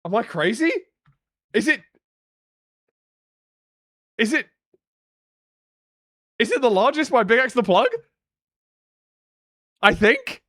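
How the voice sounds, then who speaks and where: A man streaming a game live, talking to himself in repeated short phrases and bursting into loud, sweary frustration. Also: very high-pitched, lively intonation, takes it slowly, long pauses, dry recording, studio quality. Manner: swings into loud frustrated outbursts with heavy swearing. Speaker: livestreamer.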